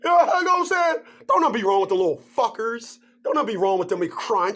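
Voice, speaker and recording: A man vlogger ranting to camera in a joking, animated way, laughing through his points. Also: high-pitched, quick pace, hardly any pauses. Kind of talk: comedic rant to camera.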